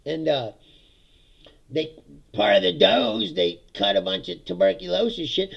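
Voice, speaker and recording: A man's voice: a little high, big pitch swings, measured pace, vocal fry, fairly bright tone, highs cut off. A man hosting a casual solo livestream, sardonic and profane, laughing often at his own jokes. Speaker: livestream host. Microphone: streaming setup mic.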